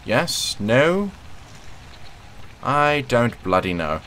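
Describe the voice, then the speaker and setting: A young man hosts a let's play, chatting and joking casually through the gameplay while humming and talking to the characters on screen. His medium-pitched voice is sing-song, a bit bright, and extremely slow. There's slight background noise.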